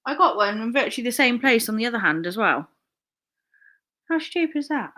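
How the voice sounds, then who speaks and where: Woman, chatty live-streamer, rambling and laughing, bright high voice. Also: sing-song, a little fast. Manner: chatty, rambling, laughs often, swears casually. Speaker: online reseller live-streaming. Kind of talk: casual live-stream chat.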